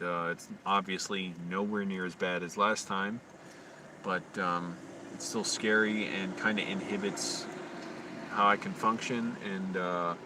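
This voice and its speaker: At night, a male vlogger livestreams from in or near a parked car by a park, rambling casually with many fillers, restarts, and free swearing. His voice sits low, picked up by a distant mic amid background noise.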